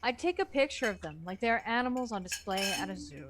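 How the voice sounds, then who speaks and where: A woman's voice: on the high side, quick pace. A woman reading a horror novel aloud for a book club, narrating expressively. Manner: expressive narration with lively swings.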